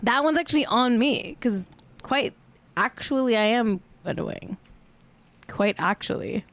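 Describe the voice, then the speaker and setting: Woman, host, celebrity gossip livestream, lively up-and-down pitch, unhurried, playful, self-mocking.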